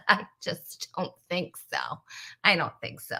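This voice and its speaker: A woman's voice: fairly low pitch, expressive, slow, pushed and bright, slightly rough. A woman from Rhode Island hosting a live comedy stream, chatty and teasing, rambling with fillers as she greets viewers. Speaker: host.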